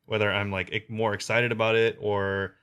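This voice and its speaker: A man's voice: fairly low pitch, level tone, normal speed, fairly bright tone, smooth. A young man co-hosting a casual podcast, talking in a forward, direct, confident way with frequent restarts. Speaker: podcast co-host. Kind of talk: casual chat.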